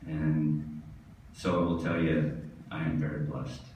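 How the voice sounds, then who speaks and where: Guy telling funny stories at a podium, low voice, heard from across a big echoey hall. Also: little pitch movement, measured pace, darkish tone, slight background noise. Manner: storytelling, laughing at his own jokes. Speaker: tennis pro giving an induction speech. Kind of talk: anecdotal acceptance speech. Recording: distant echoey hall recording.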